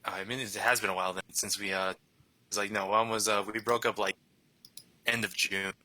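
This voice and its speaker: A man's voice: on the low side, fairly even intonation, a little fast, bright, forceful tone, no echo, low-quality recording. A young man chatting casually and rambling, often laughing as he talks. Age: young adult. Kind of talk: casual conversation.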